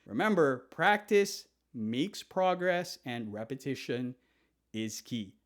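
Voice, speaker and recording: Man, language teacher, animated delivery, soft polite demonstrations, mid pitch. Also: takes it slowly. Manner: animated, demonstrating phrases with soft deferential repetition. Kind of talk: language lesson.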